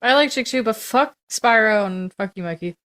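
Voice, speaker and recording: A woman's voice: on the high side, expressive, normal speed, a bit bright. A woman co-hosting a podcast, exasperated and swearing freely in casual banter. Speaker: podcast co-host.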